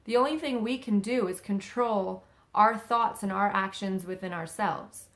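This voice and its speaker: A woman's voice: medium pitch, unhurried, fairly bright tone. Chatty woman giving spiritual advice. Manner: conversational, many fillers and rhetorical "okay?". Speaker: psychic medium giving spiritual guidance. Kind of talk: casual spiritual advice talk.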